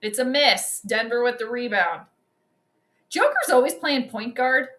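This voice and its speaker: A young woman hosting a livestream, giving chatty and excitable commentary on a basketball game straight to her viewers. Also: on the high side, a little slow. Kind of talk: casual live commentary.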